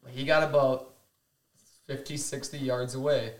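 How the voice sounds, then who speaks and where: A man's voice: medium pitch, fairly even intonation, a little slow. A man hosting a podcast, telling a long hunting story in a casual, rambling way and chuckling at his own tales. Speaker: podcast host. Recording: roomy with faint ambience.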